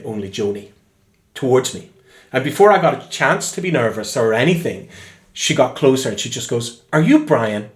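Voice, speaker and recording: Northern irish man telling stories. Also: medium pitch. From Northern Ireland. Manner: lively storyteller, acts out quoted voices. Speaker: interviewed singer-songwriter. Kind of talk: casual interview, telling anecdotes. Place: room in his home. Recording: echoey room.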